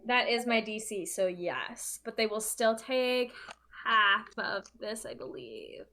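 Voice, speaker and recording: Lively, playful woman player. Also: mid-range voice, slow. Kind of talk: casual game chat.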